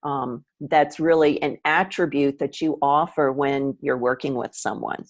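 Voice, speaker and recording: A woman hosting an interview, talking in a reflective, measured way in casual chat. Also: extremely low pitch. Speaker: interview host.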